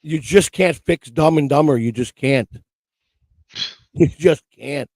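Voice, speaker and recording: Gravelly stammering man on a live stream. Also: fairly high pitch, slow pace, a little mellow, no room sound, poor audio. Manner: stammering, repeats himself, teasing. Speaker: co-host. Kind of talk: casual live-stream banter.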